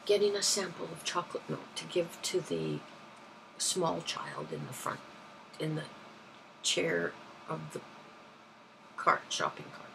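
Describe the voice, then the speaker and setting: A London woman vlogger tells everyday anecdotes in a rambling, chatty way, constantly correcting herself. Her low voice has vocal fry, and she talks at a measured pace with long pauses over background noise.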